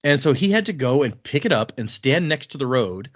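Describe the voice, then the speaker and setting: A man co-hosting a casual book podcast, recapping the plot in a chatty way and acting out quick bits of dialogue. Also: medium pitch, very animated, dry recording, muffled recording. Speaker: podcast co-host.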